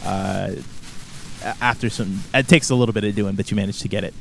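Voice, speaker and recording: A man's voice: on the low side, fairly even intonation, brisk, creaky, a bit bright, soft background music. A man narrating as game master, hesitant and full of fillers and self-corrections.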